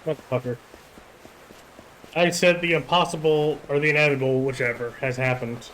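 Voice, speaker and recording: A man's voice: mid-range voice, steady tone, moderate pace, fairly bright tone, slight background noise, low-quality recording. Grumbling man streaming a game. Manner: swears a lot, grumbling. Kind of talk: casual gaming stream chat.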